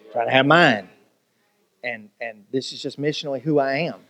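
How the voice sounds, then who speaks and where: A man's voice: mid-range voice, normal speed, gravelly, a bit bright. A man preaching a sermon as pastor, telling jokes and stories and asking the congregation rhetorical questions.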